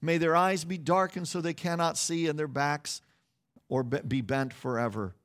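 A man preaching a sermon, telling a story in an animated way, acting out quoted voices, with frequent restarts and repeated words. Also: a little high, normal speed. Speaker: pastor.

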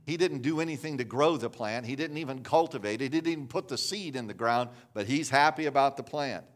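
A man's voice: mid-range voice, a little fast. A man preaching a sermon in a conversational storytelling manner, with frequent restarts and asides.

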